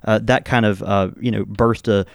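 A man's voice: on the low side, steady tone, creaky, no echo, clean studio sound. A man hosting a casual podcast, explaining at length with frequent fillers and restarts, and chuckling often. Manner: halting, many fillers and restarts. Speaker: podcast host.

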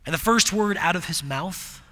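A man giving a devotional sermon, reflective and earnest, often sinking to hushed tones to make a point. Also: sits high, normal speed, in a large hall. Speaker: preacher.

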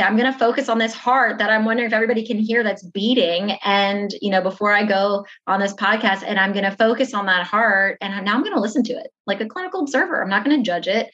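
A woman explains a coping method as a podcast guest, animated and chatty, often slipping into acted-out inner self-talk. Her voice sits at an ordinary middle pitch. The podcast sound is a little dull and muffled. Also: a little fast. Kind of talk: conversational teaching.

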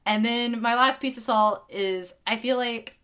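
Bright-voiced woman venting. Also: a little high, unhurried, smooth. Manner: heated, swearing, frequent fillers. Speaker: podcast co-host. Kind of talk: casual ranting chat.

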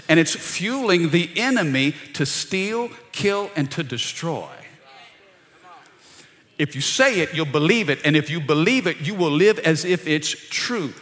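A middle-aged man preaching a sermon in a church, energetic and calling out to the congregation. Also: a little high. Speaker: pastor. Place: church sanctuary. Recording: long reverb of a large hall.

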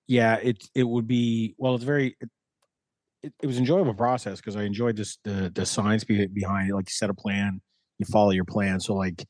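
A low-voiced man with a Canadian East Coast accent, chatting casually as a podcast guest. He rambles in a folksy way through his stories. The sound is dry and close, with no room echo. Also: steady tone, a little fast, darkish tone. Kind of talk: casual chat.

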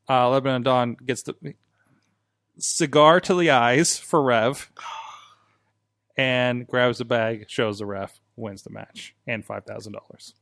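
A male podcast host in a studio, telling match stories in a casual, animated way and laughing as he goes. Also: medium pitch, slow pace, creaky, long pauses, no room sound. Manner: animated storyteller, laughs while recounting. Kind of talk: casual chat.

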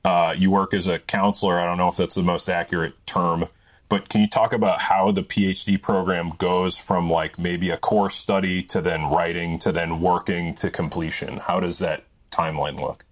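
A man hosting an interview, relaxed and conversational, asking questions with loose phrasing. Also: sits low, normal speed. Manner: relaxed, conversational, uses "like" often. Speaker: podcast host. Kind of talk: casual interview talk.

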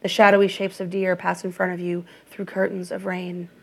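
A woman reading an audiobook in a measured, even narration. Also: on the low side, creaky.

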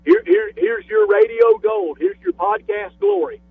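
A man's voice: extremely high pitch, fairly even intonation, a little slow, creaky. A man in his fifties with a Southern US accent, a guest on a radio show, talking with enthusiasm and often repeating his first words. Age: 50s. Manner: enthusiastic, repeats words when starting sentences. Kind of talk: casual phone chat. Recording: tinny phone line.

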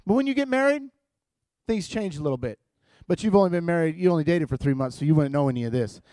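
A man's voice: on the high side, lively intonation, fast, warm tone, dry recording. A man preaching as a guest in church, opening with playful, teasing, self-mocking humor to a live congregation.

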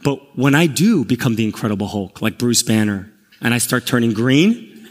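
A middle-aged pastor telling a personal story in a sermon, candid and self-deprecating, growing animated. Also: male voice, medium pitch, normal speed. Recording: long reverb of a large hall.

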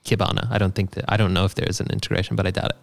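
Gravelly low-voiced man in casual tech chat. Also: level tone, racing. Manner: laid-back, swears casually, explains with fillers. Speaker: software developer.

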